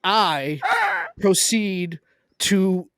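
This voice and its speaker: A man's voice: sits high, extremely slow, smooth, no room sound, clean studio sound. A man telling a story with lots of energy in a casual podcast chat, cursing and laughing along, over a video call. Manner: animated storyteller, swears and laughs. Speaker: podcast guest, game designer.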